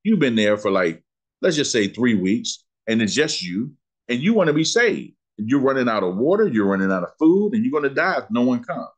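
Husky preaching man, drawl. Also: medium pitch. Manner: preacherly, asks questions and answers them, slows down on scripture. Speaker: pastor teaching a Bible lesson. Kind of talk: sermon-style Bible teaching.

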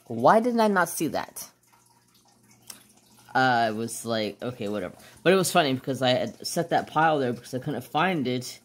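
A man's voice: medium pitch, expressive, normal speed. A man hosting a crafting channel, chatting casually while he works and often losing his train of thought.

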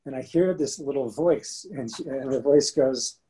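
A man in his thirties co-hosting a podcast, telling an animated story in a casual chat. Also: medium pitch, moderate pace, slightly rough, poor audio. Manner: animated storyteller, bursts into rapping. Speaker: podcast co-host.

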